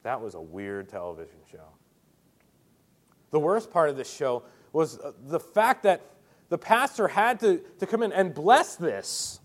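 A man preaching a sermon with a somewhat high voice that swoops widely. He tells stories with animation, acting out quoted voices as he goes. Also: a little slow. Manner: animated storyteller, acts out quotes.

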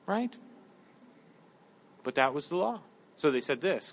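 A man preaching a sermon in a lively, joking way, acting out quotes and voices as he teaches. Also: on the high side, unhurried, long pauses. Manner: animated, jokey preaching with acted-out quotes. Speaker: pastor.

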